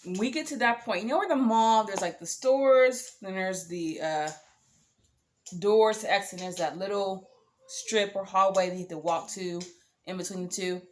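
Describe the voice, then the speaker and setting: A young woman casually telling a dating story to camera, animated and sassy, swearing freely. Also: mid-range voice, normal speed, a little hiss or hum.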